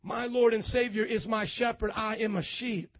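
A middle-aged man from the American Midwest preaching a sermon, animated, shouting at times and acting out scenes. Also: high voice, moderate pace, dry recording, muffled recording. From Midwestern United States.

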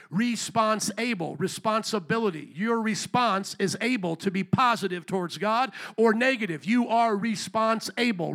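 A male pastor preaching a sermon in church, emphatic, calling out to the congregation for amens and slowing down to stress key words. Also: sits high, bright, forceful tone.

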